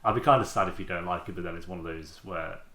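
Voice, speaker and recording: A man's voice: low voice, fast talker, bright, forceful tone. A man co-hosting a casual film podcast, laid-back, swearing and laughing often. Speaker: podcast co-host. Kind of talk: casual chat. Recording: echoey room.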